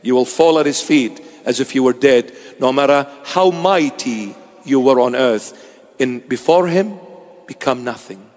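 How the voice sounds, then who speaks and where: A man's voice: mid-range voice, unhurried, a little mellow, long reverb tail. A man preaching a sermon to his congregation in an emphatic, rhetorical style, repeating key phrases.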